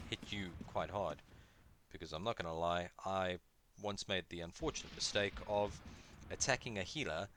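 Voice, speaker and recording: Talking his way through the game, this host pokes fun at himself and addresses the creatures he battles in a chatty, casual manner. He has a deep voice, with background noise in the recording.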